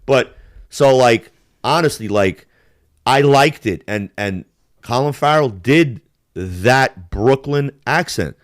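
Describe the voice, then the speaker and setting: A man's voice: mid-range voice, slow pace, no room sound, clean studio sound. Profane, rambling middle-aged New man. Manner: profane, rambling, animated impressions. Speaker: podcast host. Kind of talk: casual chat.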